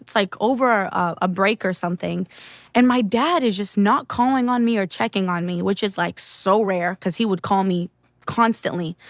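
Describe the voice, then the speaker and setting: A woman's voice: on the high side, dry recording, studio quality. A young woman from the United States telling a personal faith testimony in an earnest, candid way, often saying "like" and "you know". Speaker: speaker sharing a faith testimony.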